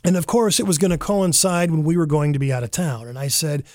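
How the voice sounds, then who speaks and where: A man casually recounting a personal mishap, animated and rambling, with fillers and self-corrections. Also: a little high, fast talker, no echo, studio quality. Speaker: storyteller.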